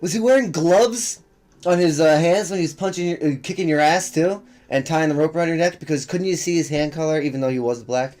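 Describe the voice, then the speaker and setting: A man's voice: a little high, fairly quick, darkish tone. Sarcastic young man mocking a clip. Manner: sarcastic, swearing, laughing often. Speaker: reaction video host. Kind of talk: mocking reaction commentary.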